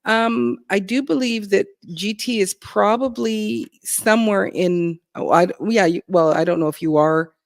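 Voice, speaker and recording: A man's voice: high-pitched, measured pace, few pauses, no echo, studio quality. A man in his fifties chatting on a livestream, reading out chat with many fillers. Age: 50s.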